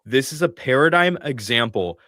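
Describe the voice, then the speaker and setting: A man's voice: mid-range voice, animated, normal speed, sharp tone, dry recording, studio quality. A man commenting on a debate, blunt and sarcastic. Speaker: panelist.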